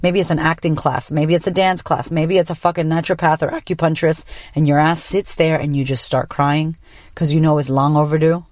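A woman hosting a podcast, telling a personal story in a blunt, profane, animated way. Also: low voice, brisk, no echo, studio quality. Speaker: podcast host. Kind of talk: casual personal monologue.

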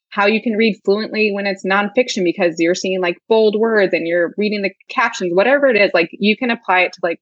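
A guest literacy educator with a medium-pitched voice chats about teaching ideas in a casual interview, saying "like" a lot. The sound is dry, dull, and lo-fi.

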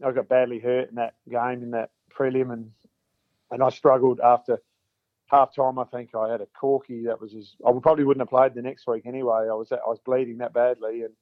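Speaking a little fast in a flat, mid-range voice, the ex-footballer rambles through interview anecdotes, doubling back on words and acting out remembered dialogue. The audio is dry and phone-quality.

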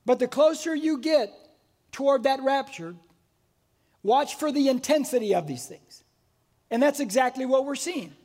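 A man in his sixties preaching a sermon as pastor, telling stories in an animated way and acting out the voices of the people in them. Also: very high voice, normal speed, pauses often. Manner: animated storytelling, acts out voices. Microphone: wearing a mic.

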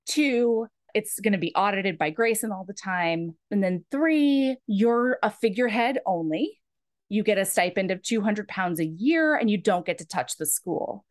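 A woman voicing a bold, commanding young woman from a romance story, speaking firmly and in quick bursts. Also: medium pitch, lively intonation, no room sound, clean studio sound, close to an everyday voice. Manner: firm, lecturing, quick bursts.

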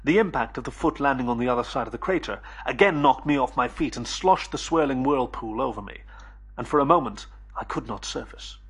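A man narrating a first-person audiobook in a measured storytelling manner. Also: medium pitch, expressive, breathy edge.

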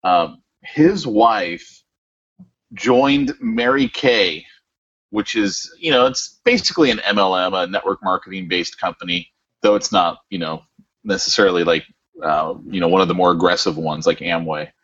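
A man with a husky, fairly low voice co-hosts a casual podcast and tells stories with lots of ums and you-knows. His pitch moves around a lot, and the audio is dull and lo-fi. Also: lively intonation, normal speed, a bit bright. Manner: rambling storyteller with many fillers. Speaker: podcast co-host.

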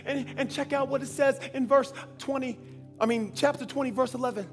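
A man preacher giving a lively sermon in slang, with bursts of shouting. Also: very high-pitched, moderate pace. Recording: long hall reverb, faint music.

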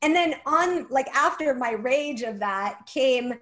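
A woman's voice: high voice, expressive, fairly bright tone. A young adult woman, a guest and author, telling a personal story earnestly with many "like" fillers. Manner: earnest, fast, lots of "like" fillers.

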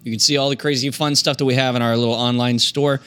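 A man's voice: mid-range voice, fairly even intonation, quick pace, fairly bright tone, clear, resonant tone. A man hosting a comedy podcast, reading the sign-off in an upbeat, promotional way. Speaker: podcast host. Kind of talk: scripted sign-off.

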